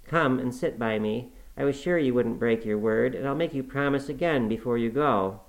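A man reading the part of a frail, petulant young man who pleads softly from his sickbed. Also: medium pitch, normal speed, lightly acted, poor audio. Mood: pleading.

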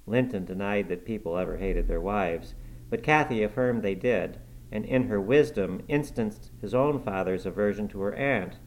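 A man reading a classic novel aloud as audiobook narration, measured storytelling. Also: fairly low pitch, rough recording. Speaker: audiobook reader. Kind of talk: scripted narration.

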